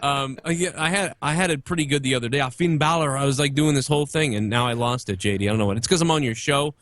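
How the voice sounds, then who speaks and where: A man's voice: mid-range voice, quick pace, fairly bright tone, dry recording. Opinionated man in a dry room. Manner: opinionated, rambling, swears freely. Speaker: podcast guest. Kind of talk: casual wrestling talk.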